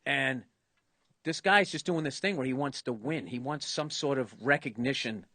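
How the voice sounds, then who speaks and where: Animated man telling a story, dry mic. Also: medium pitch, normal speed, dry recording. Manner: animated, acts out other people's lines, laughs at his own story. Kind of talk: casual storytelling on a podcast.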